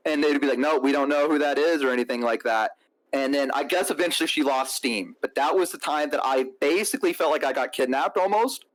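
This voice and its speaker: A young man telling a story on a stream in a casual, animated way, acting out what other people said. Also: a little high, fairly quick. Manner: animated storytelling, acts out quotes. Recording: crunchy lo-fi mic.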